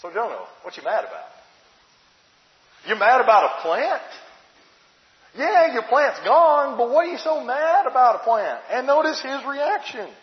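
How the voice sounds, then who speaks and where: A man preaching a sermon in a conversational, expressive way, asking his listeners rhetorical questions. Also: very high voice, unhurried. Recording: muffled, echoey hall sound.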